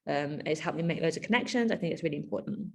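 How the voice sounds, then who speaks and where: A woman presenting a keynote in a relaxed, conversational way. Her voice sits a bit low, and she talks in an animated style, full of asides and fillers. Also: quick pace, creaky. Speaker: educator giving a keynote.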